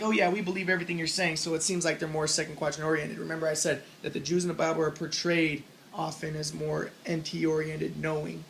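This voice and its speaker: A man's voice: a little high, vocal fry, a little hiss or hum, rough recording. A man giving a casual spoken lecture on religion, rambling as he explains and acting out the lines he quotes.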